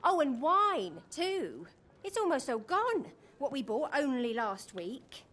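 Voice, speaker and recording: An actress playing a busy woman of the house, briskly listing chores. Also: sits high, sing-song, a bit bright, heavily acted.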